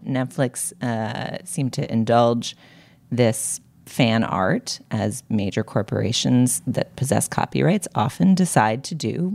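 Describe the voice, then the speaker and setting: Very low-voiced woman hosting a podcast. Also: creaky, darkish tone. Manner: wry, articulate, with frequent filler pauses. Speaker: podcast host.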